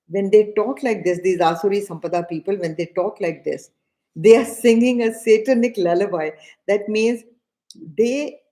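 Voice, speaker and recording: A middle-aged woman with an Indian English accent giving a spiritual discourse, deliberate and repeating key phrases, now and then chanting verses slowly. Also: medium pitch, dark tone. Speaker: scripture teacher.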